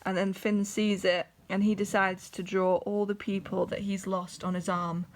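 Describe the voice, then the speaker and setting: A young woman, an artist, showing her sketchbook in a casual, chatty vlog. She is excitable and scattered and keeps breaking off mid-sentence. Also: mid-range voice, moderate pace. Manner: excitable, scattered, self-interrupting.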